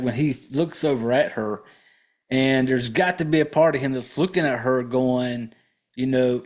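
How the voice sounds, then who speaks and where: A man's voice: medium pitch, darkish tone. A man hosting a podcast, recapping a horror film in a casual, blunt and profane way, rambling with fillers and restarts and talking straight to his listeners.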